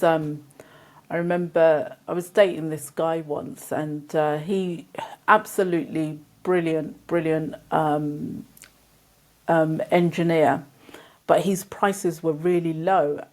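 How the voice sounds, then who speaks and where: A British woman from the UK, a guest who owns a business, telling anecdotes in an animated way and acting out the voices of the people in them. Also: low voice, unhurried. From United Kingdom. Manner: animated storyteller, acts out the voices in her anecdotes. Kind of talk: interview storytelling.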